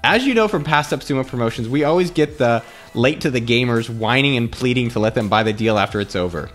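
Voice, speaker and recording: A man hamming up a read-through of old sales copy, his pitch swooping all over as he leans into the drama. He keeps cracking himself up mid-sentence. Faint music sits behind him. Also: expressive, fast, a bit bright. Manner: theatrical, breaks into laughter while reading. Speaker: host reading old ad copy aloud. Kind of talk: dramatic read-aloud with laughter.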